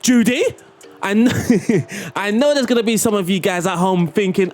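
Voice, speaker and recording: A young man giving excitable, playful play-by-play commentary on a football management game, often laughing. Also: high voice, normal speed. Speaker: gaming YouTuber.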